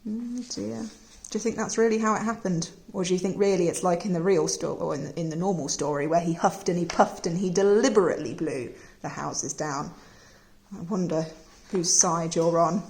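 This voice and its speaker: A woman hosts a children's story reading. She pauses to muse gently and put questions to her young listeners, in a calm teacher's way. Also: on the low side, gravelly. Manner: gentle, musing asides asking the listener questions. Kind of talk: read-aloud story time for children.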